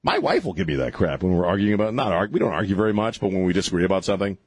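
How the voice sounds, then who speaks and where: A man's voice: low voice, very animated, very fast, darkish tone, breathy edge, dry recording. A man hosting talk radio, ranting sarcastically through an opinionated monologue and often restarting his sentences.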